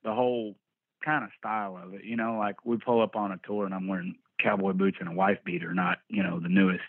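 A man from Texas talks in a slow Texan drawl, casual and rambling, dropping swear words as he tells stories. His voice sits a bit low and comes through a narrow, phone-like line. The sound is dry. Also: little pitch movement, dry recording. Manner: laid-back, profane, rambling drawl. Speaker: band musician guest. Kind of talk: casual interview storytelling. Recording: tinny phone-like remote line.

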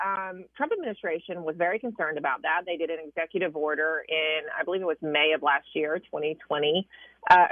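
A woman with a Southern US accent, a political correspondent calling in, explaining things in a measured way with some hesitations. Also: on the low side, dry recording. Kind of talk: phone-in interview. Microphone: phone. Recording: tinny dry phone line.

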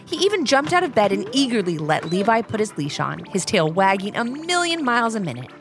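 A woman hosting and narrating a children's story in a bubbly, expressive way. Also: mid-range voice, a little fast, soft background music. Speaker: storyteller host.

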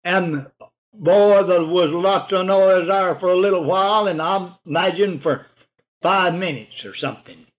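A man's voice: high voice, measured pace. An older man, telling a hunting story in a rambling, folksy oral-history style. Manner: folksy, rambling, drops to a hushed voice for whispered lines. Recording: dull lo-fi recording.

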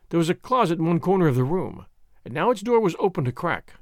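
A man narrating a classic adventure novel in expressive, scripted storytelling style. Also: fairly high pitch, quick pace, no echo, clean studio sound. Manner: expressive storytelling, varied characters. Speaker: audiobook narrator.

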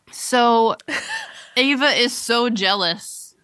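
Bright, lively woman chatting. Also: on the high side, dry recording. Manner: animated, laughs often, acts out lines in quotes. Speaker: podcast co-host. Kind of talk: casual chat recapping a TV episode.

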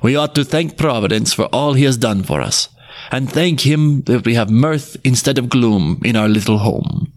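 A man's voice: mid-range voice, normal speed, no room sound, clean studio sound, lightly acted. A man doing an old peasant husband. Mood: grateful. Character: old peasant husband, cheerful then awed.

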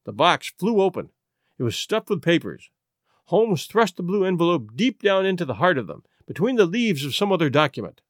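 A man narrating a classic detective story as an audiobook reader, in an expressive, dramatic way. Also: sits high, normal speed, no room sound, clean studio sound. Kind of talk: scripted narration.

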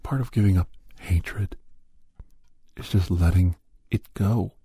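A man's voice: sits low, slow pace, dark tone, husky, no echo. A man giving a rambling, preachy moral monologue, often sliding into a whisper. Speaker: monologue speaker.

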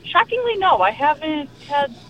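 A woman's voice: high voice, big pitch swings, brisk, highs cut off. A woman from Alaska, a guest chatting casually on a podcast and laughing easily.

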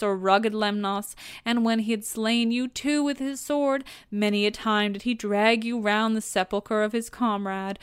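A woman's voice: a little high, clean tone, no room sound, clean studio sound, close to an everyday voice. A woman voicing an old queen mourning her son, speaking tearfully in a storybook reading. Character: old grieving queen mother.

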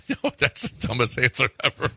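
Blunt joking sports radio host. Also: male voice, mid-range voice, wildly swooping pitch, creaky, pushed and bright, slightly rough, no echo. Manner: joking, blunt, quick retorts. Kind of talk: casual sports radio banter and live ad read.

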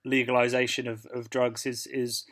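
A man's voice: medium pitch, flat delivery, normal speed, fairly bright tone. A man with a British accent, co-hosting a casual podcast and telling stories with a laugh. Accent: British English. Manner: laughs while telling stories, reads out comments. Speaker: podcast co-host. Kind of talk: casual chat.

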